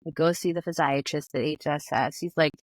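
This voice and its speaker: A woman's voice: deep voice, fairly even intonation, a little fast, no echo, rough recording. A woman, a physical therapist and yoga teacher, telling a personal story as a podcast guest, acting out her own past words. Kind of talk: conversational storytelling.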